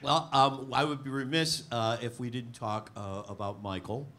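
A man's voice: mid-range voice, steady tone, moderate pace, fairly bright tone. A man asking casual, hesitant interview questions full of fillers at a live tavern talk.

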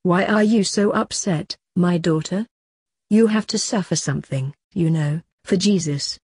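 A gentle, patient guardian angel, read by a woman in an audiobook, speaking softly as he admonishes and consoles. The voice is low and mellow with a breathy softness, recorded close and dry. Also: measured pace, no room sound. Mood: admonishing.

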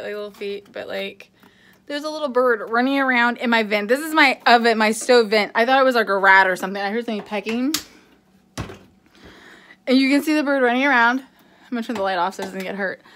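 A woman in her thirties filming a casual phone vlog at home, flustered and excitable, rambling with lots of fillers. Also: a little high, fairly quick. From California. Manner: flustered and excitable, bursts into screams. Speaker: vlogger. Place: home kitchen, then at an open sliding door.

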